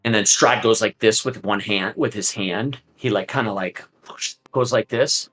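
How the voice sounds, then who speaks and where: A man's voice: on the low side, moderate pace, fairly bright tone, breathy edge, low-quality recording. A man narrating a tabletop game as game master, in a loose, filler-heavy way.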